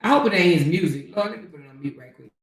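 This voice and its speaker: A woman's voice: fairly low pitch, lively intonation, very fast, distant mic. A woman hosts a livestream, talking bluntly and sassily, swearing freely and calling listeners honey and child. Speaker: livestream host. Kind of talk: casual livestream commentary. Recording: echoey room, off mic.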